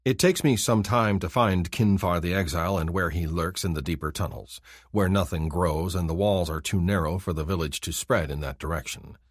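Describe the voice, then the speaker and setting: A male audiobook narrator with a very low, deep voice. He reads in a measured, even way. The recording is dry and close. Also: no echo. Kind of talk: scripted narration.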